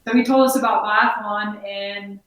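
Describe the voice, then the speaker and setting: A woman from Colorado, a former biathlete, talking casually as an interview guest with relaxed, filler-heavy speech. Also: mid-range voice, normal speed. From Colorado, United States. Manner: relaxed, chatty, with many fillers. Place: inside her outdoor gear shop. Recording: echoey room, voice far from the mic.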